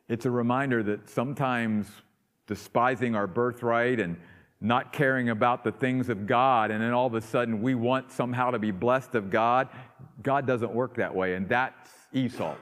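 A man preaching a sermon, rising to loud emphatic peaks and dropping to quiet asides. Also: on the high side. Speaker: pastor. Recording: long hall reverb.

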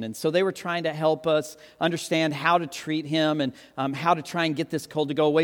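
A man in his thirties, a pastor giving a lively, joking sermon and acting out quotes. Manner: animated, joking, acts out quotes with big pitch jumps. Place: church hall with long reverb. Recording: reverberant hall, live sermon.

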